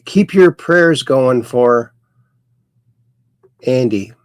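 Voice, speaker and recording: A man hosting a casual livestream, slowly reading chat messages aloud with sudden bright upswings. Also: medium pitch, lively intonation, clear, resonant tone, dry recording, clean studio sound. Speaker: host.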